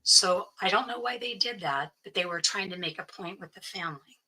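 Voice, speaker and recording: A woman, a guest in an interview, telling a personal story and acting out the voices of the people in it, often dropping to a hush. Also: mid-range voice, brisk, breathy edge, rough recording. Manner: acts out quoted voices, often drops to hushed tones.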